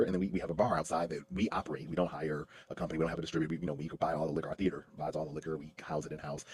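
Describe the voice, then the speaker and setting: A man's voice: low-pitched, husky. A man, a lawyer and stage actor, talking casually on a livestream, telling stories with lots of fillers and restarts. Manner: animated storytelling with many fillers and restarts. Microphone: livestream mic.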